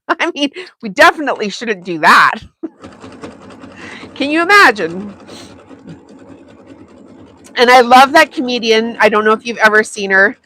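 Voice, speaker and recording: A chatty woman hosting a crafting livestream, her voice sitting a little high and sounding bright and crisp. She laughs easily, greets viewers by name and keeps the talk loose and casual while she sews. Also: animated, measured pace, pauses often. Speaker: sewing channel host.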